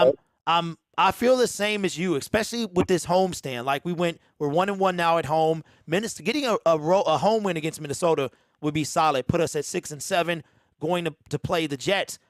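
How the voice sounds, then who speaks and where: A man's voice: a little high, no echo. Laid-back male call-in host, dry sound. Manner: loose, repeats himself, says "man" a lot. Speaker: host of a fan call-in show. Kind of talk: casual call-in chat.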